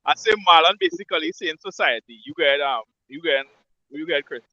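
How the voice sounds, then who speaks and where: A man hosting a casual men's panel, brisk as he moves the talk along. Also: a little high, bright, forceful tone, no echo. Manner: brisk, moderating. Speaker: host. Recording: dry, dull lo-fi sound.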